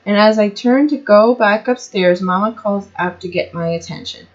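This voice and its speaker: A woman's voice: mid-range voice, moderate pace. A woman reading her own first-person story aloud, tripping over words and restarting lines, in a slightly muffled recording. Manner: stumbles and restarts often, comments on her own slips. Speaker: amateur storyteller.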